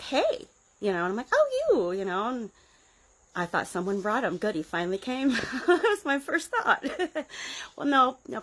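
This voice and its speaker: A woman in her forties with a husky, slightly low voice tells a story in a casual, meandering way. She drifts into sardonic asides and laughs often as she goes. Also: low-quality recording. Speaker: vlogger recounting her past in a cult.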